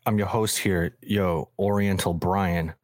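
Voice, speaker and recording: A man's voice: deep voice, fairly even intonation, slow, no room sound. A man hosting a casual podcast, joking and swearing through laid-back banter. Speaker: podcast host.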